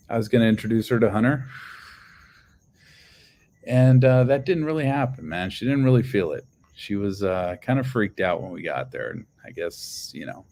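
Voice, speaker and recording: A man's voice: fairly low pitch, darkish tone. A man casually telling a long personal story, rambling with lots of fillers and swearing. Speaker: channel host.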